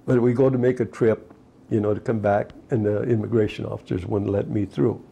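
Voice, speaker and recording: An elderly man in his eighties tells his life story for an oral history interview, wandering from memory to memory. His voice sits low and gravelly with a dark, husky tone. He keeps dropping in little "you know" asides as he goes. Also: fairly even intonation, fairly quick, slight background noise. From United States. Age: 80s. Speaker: retired fisherman recounting his life.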